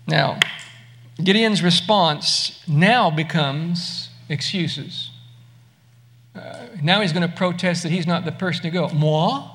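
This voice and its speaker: A male pastor delivers a sermon in a high, clear, bright voice. He keeps it conversational and often turns to ask the listeners questions. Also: takes it slowly. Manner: conversational preaching, asks the listeners direct questions.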